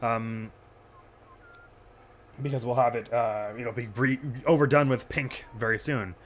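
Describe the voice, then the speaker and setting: A man's voice: medium pitch, fairly even intonation, unhurried. A man casually commentating his gameplay stream, chatty and self-deprecating.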